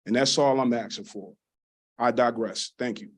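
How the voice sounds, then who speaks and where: A man speaking at a council meeting's public comment, earnest and deliberate, giving a warning at a podium microphone. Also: medium pitch.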